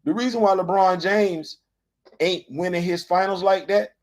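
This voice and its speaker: A man with a high-pitched voice hosts his own commentary show. He talks casually and with energy, piling up rhetorical questions to drive his point home. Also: normal speed. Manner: animated, rhetorical questions, colloquial. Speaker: host.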